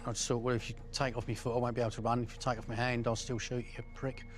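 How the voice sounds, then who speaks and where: A middle-aged man speaks in a mid-range voice. He tells his story bluntly and swears often. His talk is broken by pauses and fillers. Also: medium pitch, little pitch movement, soft background music. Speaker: former criminal interviewee. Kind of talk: first-person recollection.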